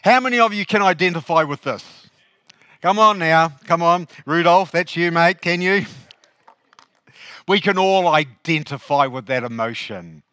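A New pastor preaching in a chatty, questioning way, with a slightly higher male voice. The sound is dry and close, with little room in it. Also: animated, a little slow, sharp tone, clean tone, dry recording. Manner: conversational, asks the congregation questions. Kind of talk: sermon.

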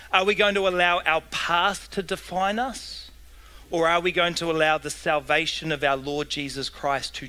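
A man preaching a sermon to his church in a slow, earnest way. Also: fairly high pitch, pushed and bright, rough recording. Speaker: pastor.

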